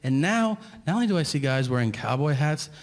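A man doing a stand-up comedy set, telling his story in an incredulous, ranting way that climbs toward shouting. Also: on the high side, big pitch swings, brisk. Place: large theater stage with audience. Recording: live hall with long reverb and audience noise. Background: audience laughter.

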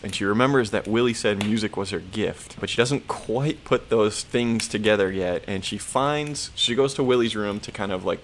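A man co-hosting a podcast, recapping a horror episode in an animated, profane, casual way. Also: fairly low pitch, slight background noise. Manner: animated, profane storytelling with quick put-on voices. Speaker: podcast co-host.

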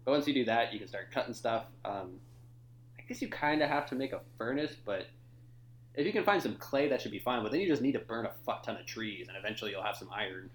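A young man co-hosting a movie podcast in casual chat, laughing often and swearing freely. His voice sits at an ordinary middle pitch. The room around him sounds echoey. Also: expressive, quick pace, slight background noise. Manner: laughs often, loose and profane. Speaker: podcast co-host.

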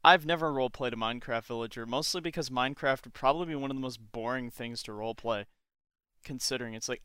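A man's voice: mid-range voice, fast, sharp tone, clean tone, dry recording, studio quality. A young man hosting a casual podcast chat, joking and ironic, often laughing. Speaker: podcast host.

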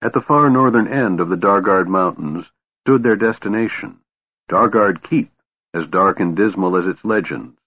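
Low husky male audiobook narrator. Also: normal speed, no echo. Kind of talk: scripted narration. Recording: tinny phone-like audio.

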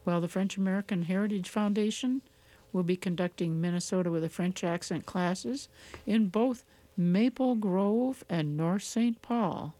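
A woman co-hosting a radio show, reading community announcements in a measured, matter-of-fact way. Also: mid-range voice, mellow, dry recording. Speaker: radio co-host. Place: radio studio.

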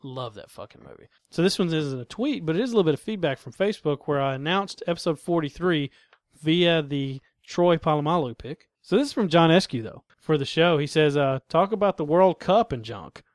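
Male podcast host, casual and profane banter, fairly high voice, dry close sound. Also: lively intonation, brisk, no room sound. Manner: crude, laid-back joking.

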